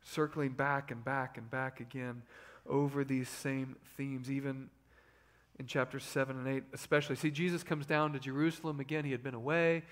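A man in his thirties preaching a sermon as pastor, swinging between loud emphasis and hushed asides. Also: medium pitch, flat delivery, moderate pace.

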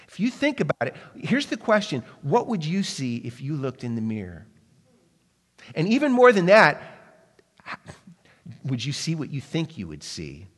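A man's voice: fairly high pitch, sing-song, normal speed, husky, in a large hall. A man preaching a sermon, asking the listeners questions and sometimes dropping his voice to a near-whisper. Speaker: pastor.

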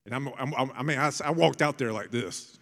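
A man in his thirties preaching a sermon as a pastor, telling family stories and building to bursts of excitement. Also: mid-range voice, a little fast, creaky, in a large hall.

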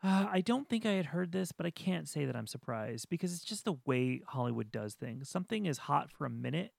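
A man with a heavily gravelly, fry-laden voice, pitched a little high for a man. He rants in a casual podcast chat, animated and swearing freely. The sound is close and dry. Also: a little fast, dry recording. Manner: animated, ranting, mocks studio execs in voiced asides. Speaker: podcast co-host.

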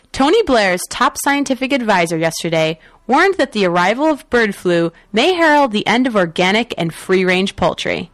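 A woman's voice: mid-range voice, no room sound. A woman co-hosting a talk radio show, reading news stories with sarcastic, opinionated asides and a cackling laugh.

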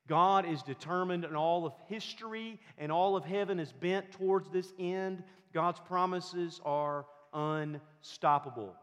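A man preaching a sermon with emphatic delivery, building to loud, forceful peaks. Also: sits high, unhurried, hardly any pauses, in a large hall. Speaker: pastor.

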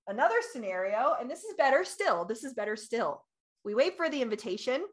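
A woman in her thirties chatting casually as a podcast co-host, animated and laughing, acting out quoted voices. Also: on the high side, fairly quick. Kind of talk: casual chat.

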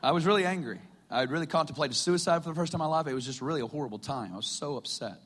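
A man's voice: on the high side, very fast, a bit bright, slightly rough, in a large hall. A man preaching, telling his testimony as a chatty story and laughing often along the way. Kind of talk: personal testimony sermon. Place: stage in a hall.

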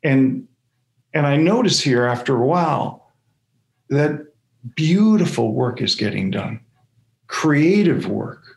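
A man giving a sermon-style talk, telling his story in a halting way with repeated words and lively acted-out asides. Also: a little high, roomy sound. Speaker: speaker.

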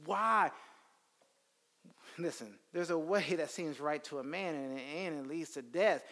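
A man teaching the Bible in a lively sermon style, telling stories and acting out quotes. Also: on the high side, measured pace, pauses often. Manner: animated storytelling, slips into character voices. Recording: long hall reverb.

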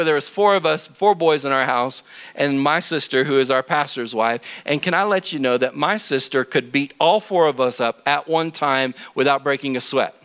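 A middle-aged man teaching in church, telling a Bible story to children in an animated, jokey way. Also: a little high, clear, resonant tone.

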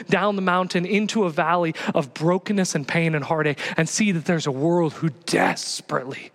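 Guy preaching a sermon, pretty high voice, lots of church echo, gets fired up. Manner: passionate, builds to shouting exhortations. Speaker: pastor. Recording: long reverb of a church hall.

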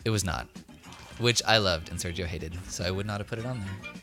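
A man co-hosting a casual film podcast, briskly running a quiz game. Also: sits low, over music. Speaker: podcast co-host and quizmaster.

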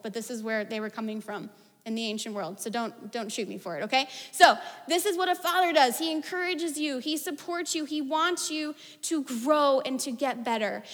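A woman in her thirties giving a sermon, animated and conversational, telling stories with casual asides. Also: high voice. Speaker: preacher. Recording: long hall reverb.

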